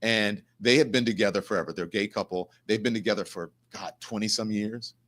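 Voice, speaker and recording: Indignant man telling a story. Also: on the low side. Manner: animated, indignant storytelling with quick asides to the chat. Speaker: host. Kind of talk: livestream commentary and storytelling.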